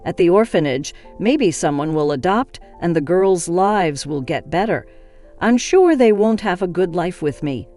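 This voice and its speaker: A woman's voice: fairly low pitch, animated, measured pace, warm tone. A woman voicing a bitter, desperate young homeless woman who speaks bluntly and with self-pity, in an audio story. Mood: pleading. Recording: faint music behind.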